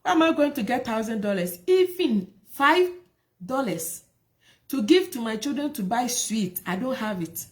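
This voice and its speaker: A woman's voice: fairly high pitch, animated, moderate pace. A woman sharing her personal life story, emotional and repetitive, with many rhetorical questions. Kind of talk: personal testimony talk.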